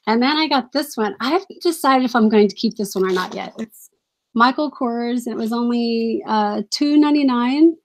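A woman's voice: on the high side, moderate pace. A woman in her thirties or forties hosting a casual live stream as a reseller, chatty and apologetic, laughing often and reading out viewer comments. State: briefly out of breath.

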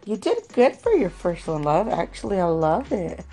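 A woman hosting a craft swap unboxing vlog at home, talking slowly and gently and calling viewers "love" again and again. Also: medium pitch, very animated, soft background music, poor audio. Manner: slow, gentle, calls viewers "love" often.

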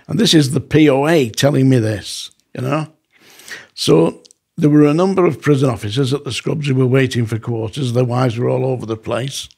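Gravelly, husky man telling a story. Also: medium pitch, normal speed. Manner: animated, acts out quoted dialogue. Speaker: former prison officer, podcast guest. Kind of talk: casual storytelling.

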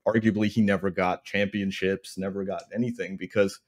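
Casting: man in his thirties, podcast co-host, slightly low voice, animated storyteller. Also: a little fast. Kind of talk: casual chat.

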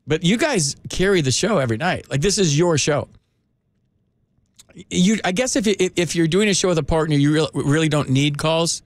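A man hosting a sports radio call-in show, talking loosely and chattily with quick restarts, on a studio microphone. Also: a little high, lively intonation, no echo. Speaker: radio sports talk host. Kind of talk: casual radio chat.

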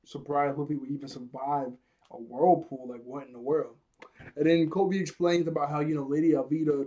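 A man's voice: mid-range voice, darkish tone. A man giving a casual, rambling episode review, laughing often at his own jokes.

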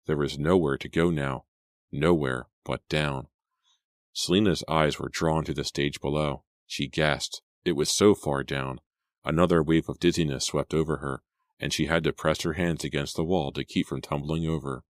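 Very deep-voiced man reading a thriller. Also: steady tone, normal speed, dry recording, studio quality. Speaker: audiobook narrator. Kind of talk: dramatic audiobook reading.

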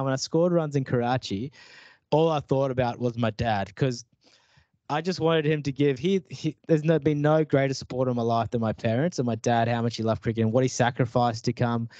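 A man's voice: mid-range voice, no echo. A man in his thirties telling stories in a casual fireside chat, acting out family dialogue as he goes. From Australia. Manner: animated storyteller who acts out family dialogue. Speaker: guest, professional cricketer. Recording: slightly dull, dry sound.

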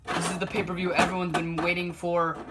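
Excitable young man commentating wrestling bouts. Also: a little fast, very noisy. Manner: bursts into shouted excitement, drops to low mutters. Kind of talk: play-by-play commentary on a wrestling video game.

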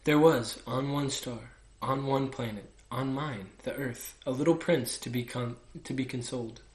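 A young man reads a children's book aloud and tells the story expressively. His voice sits at a middling pitch. It is heard in an echoey room. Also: normal speed. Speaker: soccer player.

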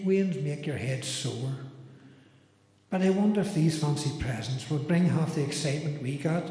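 A man's voice: a little high, mellow, lightly acted. A man voicing a harried middle-aged mother, reciting a comic rhyming poem that grumbles about Christmas shopping. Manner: rhyming, complaining, nostalgic recitation. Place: church hall. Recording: roomy hall with music behind.

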